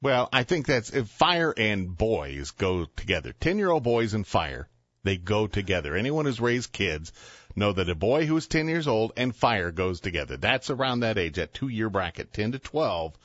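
Wry older radio co-host, low voice. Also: male voice, big pitch swings, normal speed, a bit bright, no room sound, muffled recording. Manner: dry, wry teasing. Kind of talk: casual radio chat.

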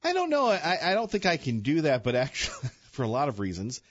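Rambling older radio host. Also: male voice, medium pitch, very animated, brisk, husky, no room sound, muffled recording. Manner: joking, rambling, self-interrupting. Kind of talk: casual radio chat. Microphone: studio microphone.

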